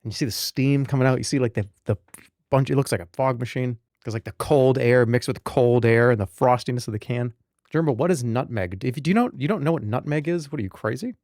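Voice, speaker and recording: A man, chatting casually on a live stream, rambling and joking, now and then breaking into loud animated rants. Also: mid-range voice, fast, no room sound, clean studio sound.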